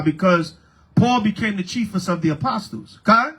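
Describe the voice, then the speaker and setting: High husky preacher man. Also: moderate pace. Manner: animated, preaching with call-and-response. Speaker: priest. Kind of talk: street-style sermon.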